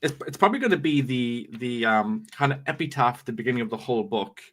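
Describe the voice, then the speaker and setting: A man's voice: mid-range voice, expressive, fast talker, fairly bright tone. Male author, chatty guest who stumbles and restarts while thinking. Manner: chatty, hesitant, many restarts. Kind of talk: casual interview chat.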